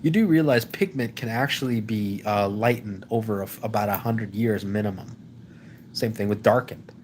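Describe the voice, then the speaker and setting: A man's voice: lowish voice, a little hiss or hum. Rambling man holding forth to his viewers. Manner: rambling, with many restarts and stumbles; keeps addressing the audience as "ladies and gentlemen". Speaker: live stream host. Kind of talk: casual opinion monologue.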